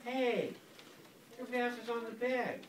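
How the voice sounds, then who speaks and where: A man's voice: very high voice, very animated, fairly quick, reverberant, far from the mic, slight background noise, pitched above the performer's own voice, poor audio. A curious sleepy cat, as a grandfather reads it aloud. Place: school classroom.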